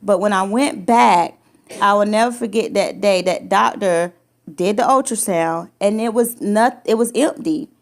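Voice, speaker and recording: A woman's voice: medium pitch, a little slow. A woman sharing a painful personal story in casual conversation, emotional, restarting her sentences and acting out what others said. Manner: emotional, repetitive restarts, acts out quoted lines. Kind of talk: personal testimony, casual chat.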